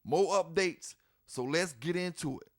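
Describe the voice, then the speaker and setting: A man with a notably high voice delivers a heated, blunt rant as a channel host. He swears freely, hammers the same points again and again, and drops scornful laughs between lines. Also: measured pace, slight background noise. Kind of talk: ranting commentary to camera.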